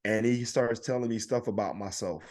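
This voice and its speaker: A man's voice: on the low side, normal speed, a little mellow. Laughing man telling stories. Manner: laughing, storytelling, acts out calls. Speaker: podcast co-host. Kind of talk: casual chat.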